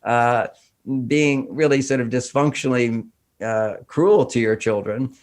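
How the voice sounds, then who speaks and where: A man from Houston, Texas, appears as a podcast guest in a conversational interview, talking animatedly and acting out bits of dialogue as he goes. His voice is medium in pitch and a little slow.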